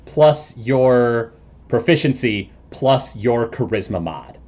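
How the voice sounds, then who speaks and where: Lively chuckling male game master. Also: medium pitch, slow. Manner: chuckles often, many ums and restarts. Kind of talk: narrating a tabletop game.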